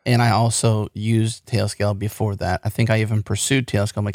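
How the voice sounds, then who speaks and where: A man's voice: fairly low pitch, level tone, brisk, hardly any pauses, a little mellow, dry recording, studio quality. A man with an American accent hosting a podcast, talking in an enthusiastic, rambling way. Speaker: podcast host. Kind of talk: casual podcast chat.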